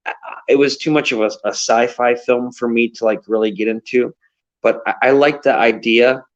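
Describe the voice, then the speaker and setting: A man's voice: medium pitch, steady tone, normal speed. A man over thirty chatting casually on a live stream, hesitant, often stammering and restarting. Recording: dull, lo-fi sound.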